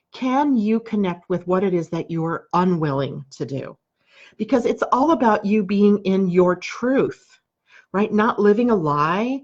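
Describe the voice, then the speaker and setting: A woman's voice: medium pitch, dull audio. A woman from the United States hosting a live daily astrology broadcast, chatty and conversational, often asking rhetorical questions. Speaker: astrologer and show host.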